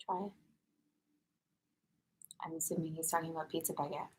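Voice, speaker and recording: A woman's voice: deep voice, little pitch movement, brisk. A woman co-hosting a casual stream, playful and giggly, often dropping to a whisper. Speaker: co-host. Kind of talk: casual chat. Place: indoor stream setup under hot lights.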